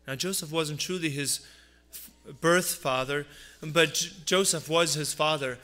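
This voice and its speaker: A man preaching a Christmas sermon, earnest and repeating phrases for emphasis, dropping low on his asides. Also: unhurried, bright, forceful tone. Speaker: pastor.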